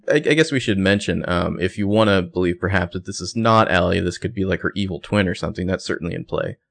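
Deep gravelly-voiced man on a podcast. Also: fast. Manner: chatty, speculative, hedging with fillers. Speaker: podcast co-host. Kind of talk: casual recap chat.

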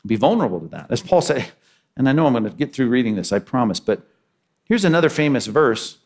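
A man's voice: mid-range voice, sing-song, quick pace, a little mellow. Emphatic male preacher. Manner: emphatic, repetitive preaching with rising and falling intensity. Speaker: pastor. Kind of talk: sermon.

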